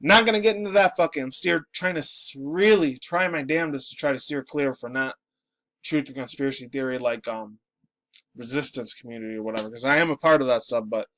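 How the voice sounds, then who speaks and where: A man's voice: medium pitch, fairly bright tone, dry recording. A man in his late twenties, just woken up and groggy, ranting and rambling in a profane, casual commentary. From New York City. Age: late 20s. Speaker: pop culture vlogger.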